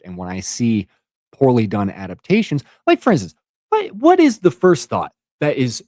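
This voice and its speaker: A man in his thirties delivers an unscripted rant with exasperated emphasis. His voice sits low and the sound is dry with no room in it. He hammers points home by repeating words. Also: darkish tone, no room sound. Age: 30s. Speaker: content creator.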